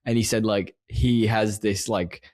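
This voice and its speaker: A man's voice: lowish voice, fairly even intonation, unhurried, darkish tone, no room sound, studio quality. A man co-hosting a podcast, chatting animatedly about films and laughing often. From northern England. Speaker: podcast co-host. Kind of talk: casual film chat.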